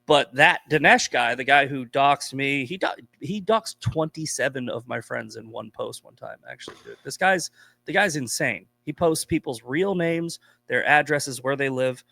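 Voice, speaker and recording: A man's voice: medium pitch, normal speed, gravelly, bright, forceful tone, no room sound. A man from Boston, a podcast guest, telling stories in blunt, profane casual chat. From Boston, USA.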